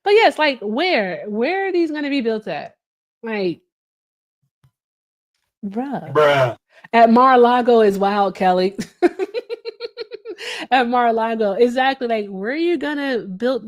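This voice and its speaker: A woman in casual chat as a livestream host, animated and answering viewer comments as she talks. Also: sits high.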